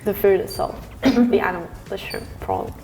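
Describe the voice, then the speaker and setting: A woman asking quiz questions in a hesitant, halting way with many fillers. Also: mid-range voice, loud music behind the voice. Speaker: interviewer in a quiz video. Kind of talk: casual questioning. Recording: echoey room with background noise.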